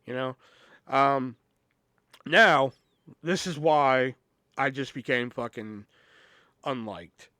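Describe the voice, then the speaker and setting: A man's voice: medium pitch, slow pace, long pauses, pushed and bright, no echo, clean studio sound. A man hosting a podcast, telling a story in a casual, profane, rambling way with lots of "you know". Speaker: podcast host.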